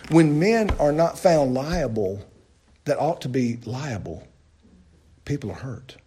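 Husky preacher with swinging dynamics. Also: male voice, animated, slow. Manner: preaching with big swings from loud questions to low hushed lines. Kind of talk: sermon.

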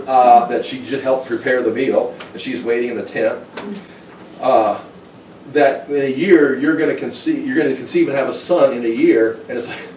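A man's voice: a little high, a little mellow, a little hiss or hum. A man teaching a Bible study in an informal, conversational way, now and then acting out short quoted exchanges. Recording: echoey room, mic at a distance.

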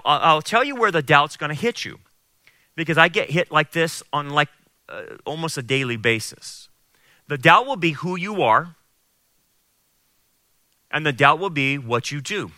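Male pastor w/ a fairly high bright voice, punchy sermon, dry sound. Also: no room sound. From California. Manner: emphatic, repeats key phrases for stress.

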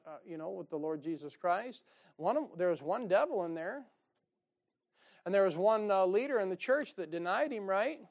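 A man's voice: sits high, vocal fry. A man preaching a sermon as pastor, joking and sarcastic, often laughing.

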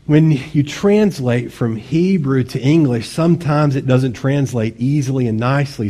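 Male pastor, husky tone, casual sermon delivery that swings between quiet reflection and punchy emphasis. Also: medium pitch. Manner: conversational, self-deprecating preaching with sudden bursts of intensity.

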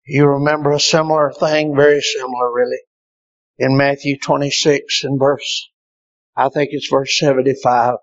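A male preacher delivering an impassioned sermon, dropping to hushed tones and rising to shouts. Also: dry recording, lo-fi sound. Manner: impassioned, swinging from hushed lows to shouted peaks.

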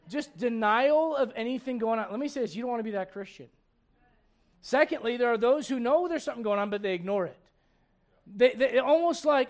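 A man preaching with a strikingly high-pitched voice. He is animated, keeps throwing questions out to the congregation, and acts out the people he quotes. He sounds like he is in his forties. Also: a little fast. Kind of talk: sermon.

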